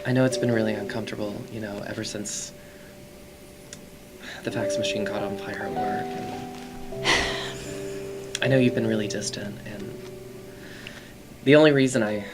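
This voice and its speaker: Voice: medium pitch, fairly even intonation, loud music behind the voice, pitched below the performer's own voice, natural voice. An improviser playing a shy coworker confessing love. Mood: nervous. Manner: hesitant, hushed, halting. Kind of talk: improvised comedy scene.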